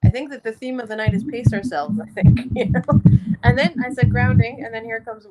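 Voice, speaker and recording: A woman's voice: fairly high pitch, fairly quick, over loud music, rough recording. A woman doing a casual card reading, talking in a chatty, encouraging way and laughing often. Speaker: card reader. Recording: loud background noise.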